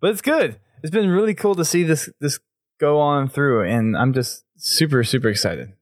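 A man hosting a casual podcast, excitable, laughing often and trailing off mid-sentence. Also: a little high, normal speed, no room sound, clean studio sound. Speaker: podcast host.

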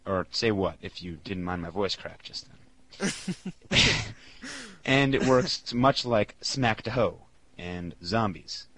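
A young man with a slightly low voice chatting on a casual podcast. He rambles, giggles a lot and reads listener messages aloud through a headset. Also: slow pace, long pauses, a bit bright, slight background noise, rough recording. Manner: giggly, rambling, laughs often. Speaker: podcast co-host. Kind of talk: casual podcast chat, reading listener mail.

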